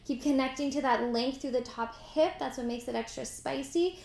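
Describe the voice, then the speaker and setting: A woman's voice: sits high, moderate pace, gravelly, darkish tone, roomy sound. A woman teaching a mat pilates class, cueing moves, counting reps and adding chatty asides. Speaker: pilates instructor. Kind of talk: guided workout instruction.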